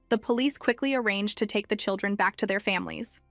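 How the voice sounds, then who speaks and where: A woman reading a scripted story recap as narrator, in a steady storytelling manner. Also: medium pitch, fairly quick, no echo. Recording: dry close mic with faint music.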